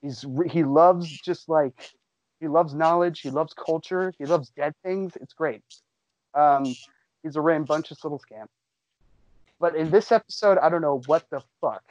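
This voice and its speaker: A man hosting a casual podcast, excitedly recapping a show for friends and swearing freely. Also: a little high, unhurried, no room sound, highs cut off.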